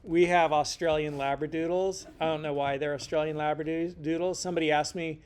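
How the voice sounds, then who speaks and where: A man's voice: a little high, fairly even intonation, brisk, hardly any pauses, clean tone. A middle-aged man teaching a casual lecture in a rambling, joking way, full of slangy asides. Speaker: instructor.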